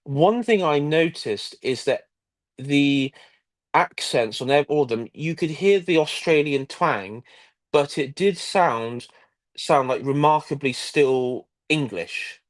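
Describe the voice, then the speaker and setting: A man's voice: fairly high pitch, expressive, slow pace. A man co-hosting a live history stream, talking casually and hesitantly with many restarts.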